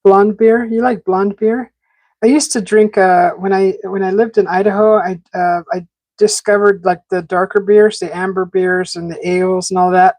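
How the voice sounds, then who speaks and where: A woman's voice: mid-range voice, steady tone, moderate pace, darkish tone, no echo. A woman hosting a live stream, rambling in casual chat with many fillers and restarts, talking while eating. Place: home garden setting.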